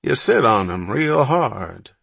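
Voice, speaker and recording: Dude doing a slow deadpan lobster guy, dry humor, audiobook read. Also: medium pitch, creaky, slightly rough, no room sound, full character voice. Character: stolid, dry-witted coastal lobster man.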